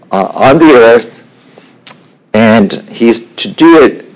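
Man teaching Bible, unhurried with fillers. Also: mid-range voice, darkish tone, poor audio. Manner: unhurried, frequent "uh" fillers, clears throat.

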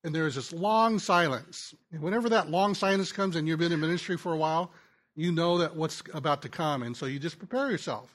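A male pastor preaching a sermon in a conversational, storytelling way, often restarting his words and going soft and quiet in tender moments. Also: a little high, a little fast. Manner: frequent restarts and stammers. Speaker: pastor and ministry teacher.

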